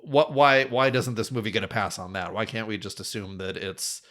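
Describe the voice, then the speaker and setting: A man with a fairly low voice co-hosts a film podcast. He thinks aloud in a rambling, casual way, full of fillers and restarts. His talk sounds easygoing and conversational. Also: fairly even intonation, normal speed, a bit bright. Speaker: podcast co-host.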